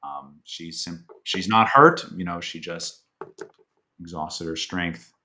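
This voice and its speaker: A man chats casually as a player in a tabletop game, filling his talk with likes and you-knows. His voice is low-pitched, with a bright, forward tone. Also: slow pace, slight background noise.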